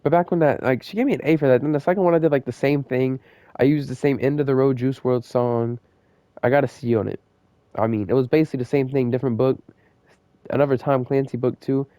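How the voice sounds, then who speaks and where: A man's voice: medium pitch, fairly even intonation, fast talker, mellow, dry recording. A young man casually telling a rambling story, full of slang, fillers and side tracks. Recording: dull lo-fi dry recording.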